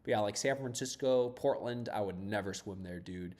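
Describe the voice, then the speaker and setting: A man's voice: lowish voice, moderate pace, a little mellow. Chatty man rambling while he codes. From US, south of Boston. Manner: rambling and chatty, laughs often, swears casually. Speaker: startup founder coding on a livestream. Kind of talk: casual live-stream chat while coding.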